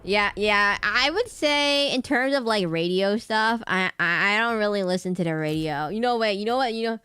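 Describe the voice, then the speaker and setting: A woman chatting casually while streaming a game, in a mid-pitched voice. She rambles, stops mid-thought and restarts her sentences, jumping loosely from one aside to the next. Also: moderate pace, pushed and bright, clear, resonant tone, no echo. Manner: rambling, chatty, self-correcting. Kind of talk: casual gameplay chat.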